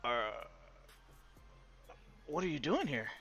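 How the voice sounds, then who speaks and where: A man's voice: fairly high pitch, sing-song, fairly bright tone, slightly rough, faint music behind, heavily acted. A man voicing a friendly beastly older doctor. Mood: encouraging. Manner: halting and encouraging, with many fillers. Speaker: teacher at the school. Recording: dull lo-fi recording.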